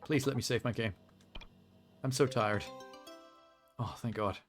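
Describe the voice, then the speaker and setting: A man's voice: medium pitch, a little slow, soft background music. A man streaming a video game, chatting casually and rambling through asides with a self-deprecating humor. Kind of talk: casual live-stream commentary.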